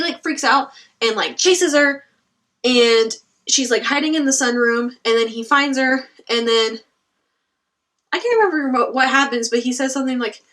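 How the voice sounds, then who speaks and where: A woman's voice: high voice, recorded from a distance. Young woman ranting about a book. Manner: animated, exasperated retelling with frequent "like" and laughs. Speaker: book reviewer. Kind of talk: casual chat.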